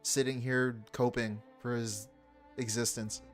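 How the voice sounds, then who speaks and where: A man's voice: mid-range voice, little pitch movement, unhurried, soft background music. A man hosting a stream who reacts to a video with sarcastic, incredulous commentary and frequent laughs.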